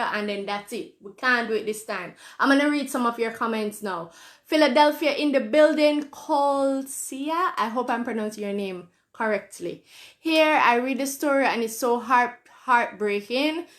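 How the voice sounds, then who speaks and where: A Jamaican woman hosts a live-stream show, reading viewer comments and answering them in an earnest, conversational tone. Her voice sits fairly high, and she repeats phrases for emphasis. The room around her adds a noticeable echo. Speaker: host. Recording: roomy echo.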